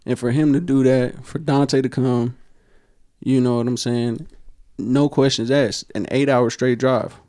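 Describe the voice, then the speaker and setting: A man's voice: medium pitch, little pitch movement, measured pace, warm tone, no echo, studio quality. A young man, co-hosting a casual podcast and telling a heartfelt personal story full of slang and fillers. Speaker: podcast co-host.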